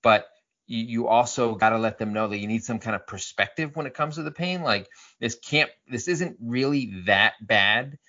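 A man's voice: medium pitch, moderate pace, sharp tone. A man in his thirties, a father co-hosting a podcast, chatting in a jokey, rambling way and reading out listener comments. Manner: jokey, rambling, frequent "right?" tags. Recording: slightly muffled recording.

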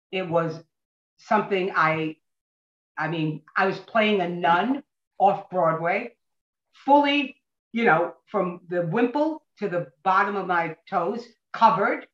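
A woman actress, a podcast guest, telling stories in an animated way and acting out what people said. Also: on the low side. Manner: animated, acts out quoted voices. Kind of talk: anecdotal podcast storytelling. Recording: dull, roomy recording.

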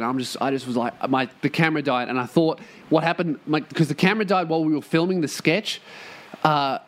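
Man, podcast host, slightly high voice, swears a lot, rambling solo chat. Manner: profane, self-mocking, rambling. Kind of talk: rambling casual monologue. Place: room in a shared workplace.

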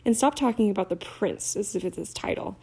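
A woman's voice: medium pitch, lively intonation, brisk, creaky, dark tone, husky, full character voice. A woman doing a stubborn, clever teenage witch. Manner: stubborn and prim.

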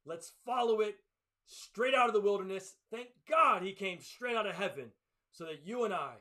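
A man preaching a sermon as his church's pastor. His voice sits high and rings bright. He swings between urgent, forceful bursts and soft, hushed lines. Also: animated, moderate pace.

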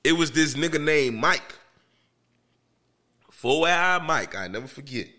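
A man, a podcast host, telling a story in casual chat in an animated, profane and emphatic way. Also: fairly high pitch, a little slow. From Miami, Florida.

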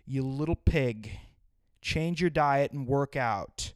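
A man's voice: mid-range voice, slow pace, smooth, dry recording, clean studio sound, natural voice. A man playing a blunt, unemotional doctor who speaks curtly and insults the patient. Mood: scornful. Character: harsh, blunt, cold male doctor.

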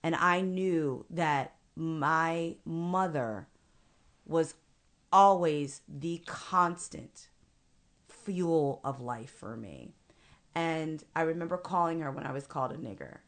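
A middle-aged woman telling a personal family story in conversation, earnest and measured, slowing down for emphasis. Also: sits low. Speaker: guest.

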